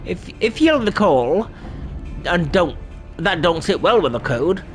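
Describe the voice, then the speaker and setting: A man voicing a gruff, swaggering male pirate guild boss, reading the lines with stumbles. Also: high voice, very animated, measured pace, soft background music. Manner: blunt, salty talk read aloud with stumbles.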